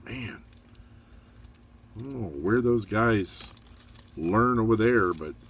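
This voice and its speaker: Middle-aged man, very low voice, easygoing hobbyist reviewer, chatty and encouraging. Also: slight background noise. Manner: relaxed, chatty, rambling with fillers; upbeat, encouraging. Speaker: model kit reviewer.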